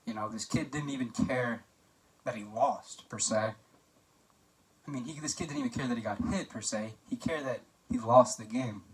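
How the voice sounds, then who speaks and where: A man's voice: medium pitch, normal speed, recorded from a distance, poor audio. A young man giving a casual, joking best-man toast for a class assignment, telling anecdotes with plenty of fillers.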